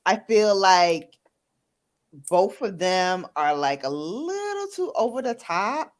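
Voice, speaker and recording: A woman's voice: mid-range voice, takes it slowly. Chatty woman hosting a makeup chat. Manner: chatty, animated, recounting shows. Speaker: host. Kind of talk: casual chat while doing makeup.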